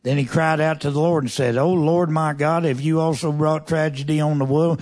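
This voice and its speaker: Folksy preacher with a twang. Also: male voice, fairly high pitch, darkish tone. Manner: reads scripture then comments in a folksy, conversational way; asks the congregation pointed questions. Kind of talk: sermon.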